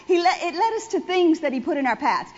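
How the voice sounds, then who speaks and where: A woman's voice: very high-pitched, big pitch swings, a little fast, dull audio. A woman preaching a conversational sermon to a congregation, repeating phrases for emphasis. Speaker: church speaker.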